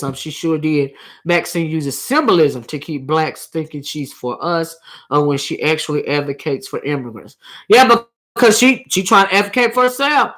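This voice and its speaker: A woman giving impassioned opinion commentary, preachy and hollering at times, stumbling over her words and repeating phrases for emphasis, close on a loud microphone. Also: on the low side. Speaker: commentary channel host. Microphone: loud close desktop microphone.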